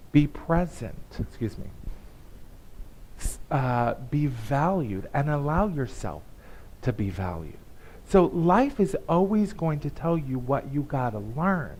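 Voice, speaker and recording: A man giving a conversational, emphatic sermon at a church service, with pauses and restarts. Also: medium pitch, darkish tone, slight background noise, low-quality recording. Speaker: guest speaker.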